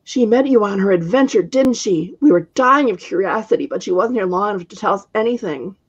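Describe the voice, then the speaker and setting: A woman reading aloud, voicing a younger witch who is loud, chatty and gushing. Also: medium pitch, expressive, fairly quick, husky, muffled recording.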